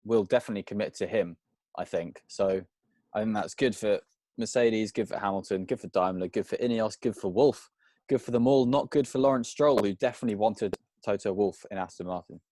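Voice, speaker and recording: A man with a fairly low voice talks through his views on a casual podcast. He thinks aloud in long runs. The sound is dry and close. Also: fairly quick, dark tone, no echo. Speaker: podcast co-host.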